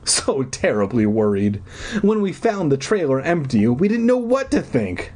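A man voicing a worried mother in a storybook reading, pitching up and drawing the words out. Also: very animated, a little slow, a little mellow. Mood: fretful.

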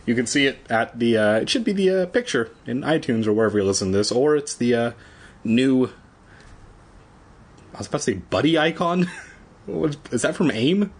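Male podcast host, husky and lively, rambling and profane, casual read-aloud chat. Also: medium pitch, moderate pace, pauses often. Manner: profane, rambling asides, jokey.

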